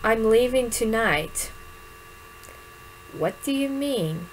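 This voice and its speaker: A woman voicing an earnest, secretive teenage boy in a story game, low and soft. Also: expressive, slow pace, a little hiss or hum, poor audio.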